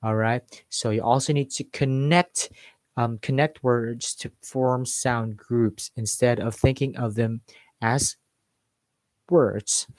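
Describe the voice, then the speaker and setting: Male accent coach, casual live-stream lesson, mid-pitched voice, dry close mic. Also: steady tone, slow, no echo. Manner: explains with modeled examples and filler words. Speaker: English accent teacher.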